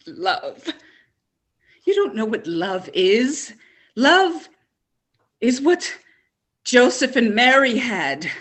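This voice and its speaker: A pious, domineering mother, played by a woman in an improvised stage comedy. She drawls her lectures slowly. Her high voice swoops up and down. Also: sing-song, fairly bright tone, exaggerated voice. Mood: scolding. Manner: preachy, scolding, drawling.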